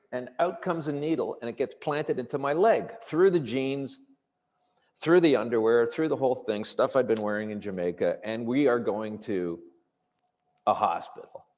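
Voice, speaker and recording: A man, a comedian guest, telling stories in animated, profane casual talk, acting out the people he quotes. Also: mid-range voice, moderate pace. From Canada. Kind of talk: storytelling in casual conversation. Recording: long reverberant room sound.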